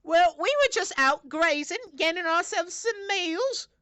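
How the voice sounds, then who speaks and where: A tiny, fluffy male rabbit with a nasty temper, as a game master puts him on, barking crude insults in a mock British-Irish accent. The voice is pushed high above the speaker's own and bright, swinging wildly in pitch in this tabletop game. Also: expressive, unhurried, full character voice. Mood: indignant.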